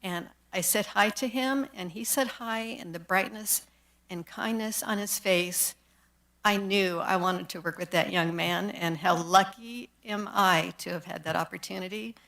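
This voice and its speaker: A woman giving fond, gentle remarks about a colleague in a county meeting chamber. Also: medium pitch, unhurried, gravelly. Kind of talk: brief public remarks.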